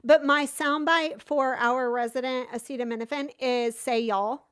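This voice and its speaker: A woman with a somewhat high voice hosts a casual podcast chat from a remote setup. She is dramatic and self-deprecating, and her talk comes in quick, theatrical bursts. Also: fairly even intonation, a bit bright, clear, resonant tone. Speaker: podcast host. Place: home studio on a remote call.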